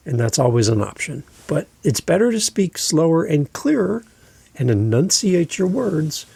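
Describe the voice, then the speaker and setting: A man hosting a podcast, giving deliberate instructional advice into a close microphone and repeating his key points. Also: medium pitch, vocal fry, warm tone, husky, no room sound. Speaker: podcast host and coach.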